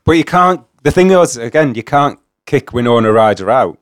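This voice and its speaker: A man's voice: medium pitch, lively intonation, normal speed, no echo, studio quality. A man, joking easily in casual podcast chat. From north-east England.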